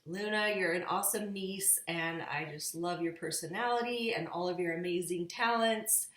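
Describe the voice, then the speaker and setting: A woman's voice: on the low side, normal speed, fairly bright tone, roomy sound. A woman reading picture books aloud to her nieces, playfully giving each character its own voice. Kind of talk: children's story read-aloud.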